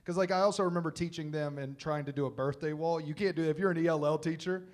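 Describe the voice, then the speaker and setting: A man in his thirties, a comedian and former teacher, telling stories live on stage into a handheld mic, animated and jokey with quiet reflective stretches. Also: on the high side, quick pace.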